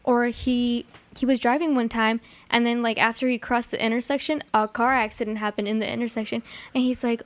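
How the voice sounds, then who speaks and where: A woman's voice: on the high side, flat delivery, brisk, few pauses, dry recording. A young woman from the Chicago area telling stories as a podcast guest, chatty, full of likes and ums. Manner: chatty, lots of likes and ums, acts out her dad's lines. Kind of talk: casual storytelling chat.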